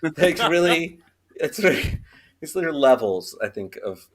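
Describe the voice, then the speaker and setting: A man on a comedy panel, telling a rambling joke and reacting to headlines in an animated, laughing way. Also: fairly high pitch, unhurried. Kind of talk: casual comedic panel chat.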